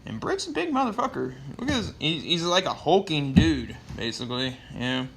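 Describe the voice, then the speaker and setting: A man with a bright, somewhat high voice tells a comic story casually, swearing freely and stringing thoughts together with fillers. There is a faint hum of ambience behind him. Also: very animated, brisk. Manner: loose, profane storytelling with lots of fillers. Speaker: comic book reviewer.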